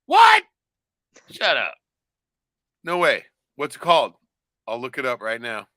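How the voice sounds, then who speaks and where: A man's voice: mid-range voice, wildly swooping pitch, unhurried, bright, forceful tone, no echo. A man on a casual podcast, rambling and swearing a lot, often tagging lines with "right?". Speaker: podcast co-host. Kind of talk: casual profane chat.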